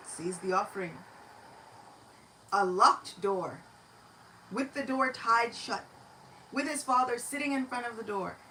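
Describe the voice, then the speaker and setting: Woman, devotional lecture, storytelling, expressive, animated, mid pitch. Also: slight background noise, rough recording.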